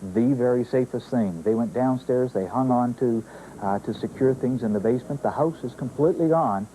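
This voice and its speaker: A male weather forecaster explaining in an interview, speaking haltingly with many pauses and fillers. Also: medium pitch, warm tone, a little hiss or hum, rough recording. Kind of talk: interview answers.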